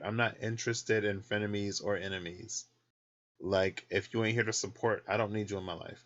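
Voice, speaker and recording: Deep voiced guy just chatting loose n honest from bed, munching snacks, kinda muffled recording. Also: fairly bright tone. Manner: candid, loose and chatty, laughs often; snacking while talking. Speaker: tarot channel host. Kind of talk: casual late-night rambling vlog. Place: in bed at home.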